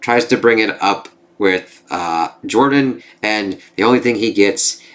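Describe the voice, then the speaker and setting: A man's voice: lowish voice, measured pace, fairly bright tone. A man recapping a TV episode in a rambling, casual way, swearing freely and using lots of fillers. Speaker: TV reviewer.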